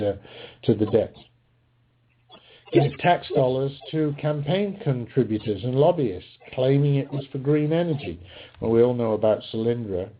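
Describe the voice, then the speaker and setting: A man hosting a political commentary podcast, combative and sarcastic, talking with frequent fillers and restarts. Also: medium pitch. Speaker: podcast host. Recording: tinny phone-line sound with faint hiss.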